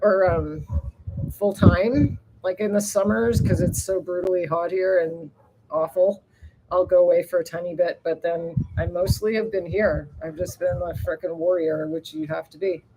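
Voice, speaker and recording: Woman just rambling on her livestream, chatty, laughs a lot, swears sometimes, gets loud and excited saying hi to people. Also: fairly low pitch, moderate pace, slight background noise, poor audio. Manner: greets viewers by name with excited bursts. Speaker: livestream host reading viewer chat. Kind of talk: casual rambling live chat.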